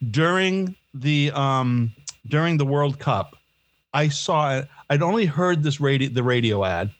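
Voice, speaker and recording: A man co-hosting a podcast in casual chat, teasing and quick to laugh. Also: a little high, lively intonation, dry recording. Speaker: podcast co-host.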